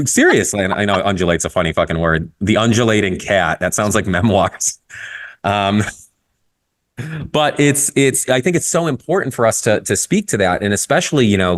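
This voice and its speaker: A man speaking in a fairly low voice, candid and unfiltered. He tells his story with frequent swearing and animated turns. It is casual podcast talk. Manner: candid, profane, storytelling, lively. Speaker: guest photographer.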